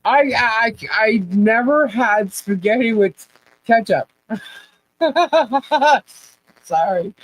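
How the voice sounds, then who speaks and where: A woman's voice: fairly high pitch, animated, extremely slow, long pauses, rough recording. A woman hosting a casual live chat, laughing often and asking puzzled questions as she reads viewer comments. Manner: laughs often, baffled questions, repeats herself.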